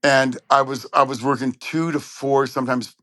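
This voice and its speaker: There's no room sound as a man of medium pitch, talking at a moderate pace, tells stories in an interview. He's a Southern Californian trumpet player who brings his anecdotes to life by acting out people's lines.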